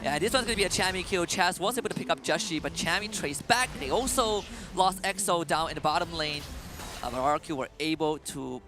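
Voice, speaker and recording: A man's voice: a little high, animated, a little fast. Male esports caster over music. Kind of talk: live esports commentary.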